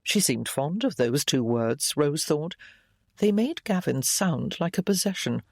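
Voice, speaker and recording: A man narrating a romance audiobook in an expressive storytelling manner. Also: fairly high pitch, unhurried, vocal fry, dry recording, studio quality. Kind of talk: scripted narration.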